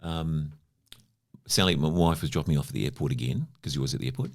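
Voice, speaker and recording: Very deep-voiced man in his fifties. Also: fast. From New Zealand. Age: 50s. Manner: chatty anecdotal, lots of "you know" fillers. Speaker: podcast guest. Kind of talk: casual conversational storytelling.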